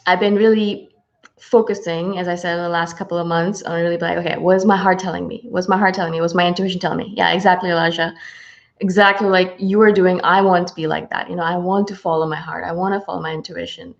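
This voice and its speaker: A woman hosting a spiritual channel, chatting casually and warmly with viewers on a livestream, full of fillers and excited asides. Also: on the low side, brisk, gravelly. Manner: bubbly, greets viewers, many fillers. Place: home, from Houston. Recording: slightly dull lo-fi livestream audio.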